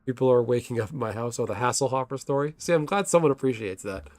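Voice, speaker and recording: A man at a middle pitch streams a game and rambles through a long story. He curses whenever his connection drops. Faint music plays behind him. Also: fast, a little mellow, no room sound. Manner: rambling storyteller, swears when the game crashes. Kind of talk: casual chat while gaming.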